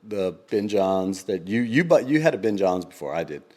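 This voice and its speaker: A man co-hosting a podcast in casual chat, rambling with lots of ums and quick laughs. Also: low voice, sing-song, dark tone. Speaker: podcast co-host.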